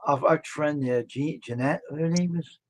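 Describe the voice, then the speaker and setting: A man's voice: fairly high pitch, moderate pace, a crowd in the background. A man co-hosting a live stream, chatting casually and agreeing often with short murmurs. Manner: supportive listener, frequent murmured agreement.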